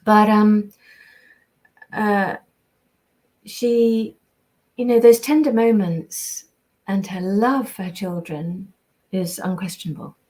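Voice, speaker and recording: A woman's voice: mid-range voice, fairly even intonation, takes it slowly, pauses often, a little mellow. An older woman, born in the US and raised in England, chatting casually on a livestream as she reads fan messages and signs prints. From born in the US, raised in England from age seven. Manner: chatty and rambling, full of ums and restarts. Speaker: voice actress signing prints for fans.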